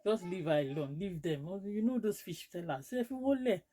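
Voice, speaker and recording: A woman voicing another market customer, a calm woman who soothes in a hushed, placating tone. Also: lowish voice, brisk. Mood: soothing.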